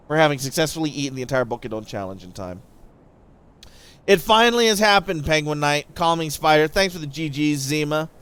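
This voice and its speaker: A young male streamer with a slightly high voice talks in a relaxed, rambling way. He breaks off his stories to thank viewers and then picks them up again, all in easy live-stream chat over a desk microphone. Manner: rambling storyteller who thanks viewers mid-story. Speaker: game streamer.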